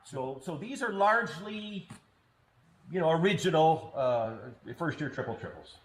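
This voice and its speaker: A man's voice: a little high, very animated, a little slow. A male snowmobile collector giving an enthusiastic, casual tour of his sleds, explaining each one as he goes. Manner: enthusiastic, explanatory, laughs easily. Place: pole barn. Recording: echoey barn with faint background noise.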